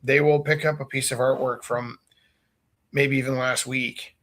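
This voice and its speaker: Painting as he goes, a forties-aged male art teacher spins animated, casual stories, cracking jokes and mimicking his students. He has a mid-range voice and speaks a bit slowly.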